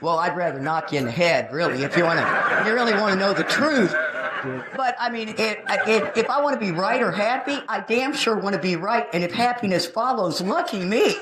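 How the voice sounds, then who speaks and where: A woman's voice: medium pitch, lively intonation, a little fast, very noisy. A middle-aged woman giving a recovery talk, brash and joking, acting out the people she quotes. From Texas. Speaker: recovery meeting speaker. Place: meeting room.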